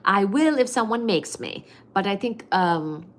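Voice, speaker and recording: A woman's voice: medium pitch, expressive, a little slow, slight background noise. A woman hosting a casual livestream at home, reading viewer comments aloud and thanking them effusively, with lots of fillers. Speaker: livestream host.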